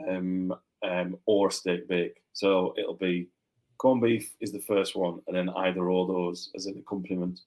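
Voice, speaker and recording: A man from Yorkshire, a guest author, chatting casually on a podcast, relaxed and rambling, laughing easily. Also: sits low, rough recording.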